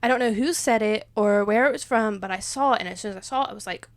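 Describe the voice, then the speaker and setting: A woman's voice: mid-range voice, quick pace, no room sound. A young woman, rambling and emotional as she opens up in a casual faith chat, laughing often. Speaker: podcast co-host.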